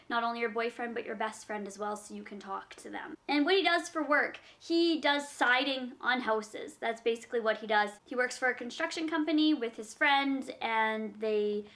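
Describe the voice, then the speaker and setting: In her casual question-and-answer vlog, a young woman addresses viewers head-on, reading out their questions and answering earnestly with practical tips. She has a high, light, somewhat bright voice.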